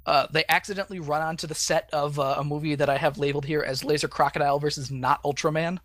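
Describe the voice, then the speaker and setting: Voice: mid-range voice, fairly even intonation, fast talker, fairly bright tone, dry recording. A podcast co-host in casual chat, loose and sarcastic, swearing freely. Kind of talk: casual chat recapping a cartoon.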